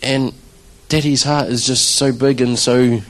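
A church drummer stands before the congregation and gives his testimony in an easy, conversational, unhurried way, his pitch right in the middle of a man's range. He animates the story by acting out quotes and his own surprised reactions, though the audio is poor.

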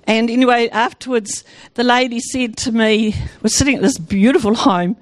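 A New Zealand woman, her voice on the high side and her pace normal, relates her Christian testimony to a gathered crowd. She talks in an animated, stop-and-restart way, and the sound is close and dry with no echo at all.

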